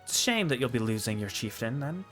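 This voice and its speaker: A man's voice: medium pitch, sing-song, quick pace, fairly bright tone, soft background music. A man voicing a haughty elf who talks in a snide and condescending way.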